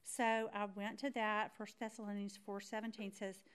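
A middle-aged woman teaching a Bible study through a personal story, animated and acting out her own thoughts as she tells it. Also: mid-range voice, moderate pace, smooth.

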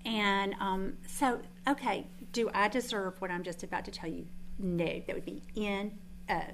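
A Bible teacher gives an informal sermon to a group, telling chatty, self-deprecating stories and restarting herself often. Her mid-range voice is steady, a little slow, creaky, and fairly bright, with a slight hiss or hum in the background.

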